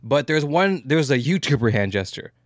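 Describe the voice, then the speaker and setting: A man co-hosting a podcast in casual chat, talking fast and stammering, animated and swearing freely. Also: mid-range voice, no echo, clean studio sound. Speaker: podcast co-host.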